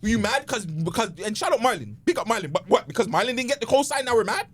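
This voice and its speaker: A man's voice: high voice, very animated, fast, husky. A man, co-hosting a podcast in a heated, profane, scornful rant. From Toronto, Canada. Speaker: podcast co-host.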